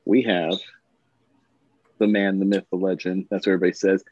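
A man's voice: low voice, little pitch movement, fairly quick, no echo, dull audio. A man co-hosting a comics podcast, chatting enthusiastically in a casual style. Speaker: podcast co-host. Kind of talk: casual chat.

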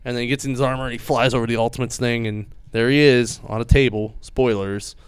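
A man's voice: medium pitch, fairly even intonation, quick pace, smooth, no echo. A man casually and enthusiastically retelling a comic book's story on a chat show, full of "like" and "uh" fillers. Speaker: comic book podcast host.

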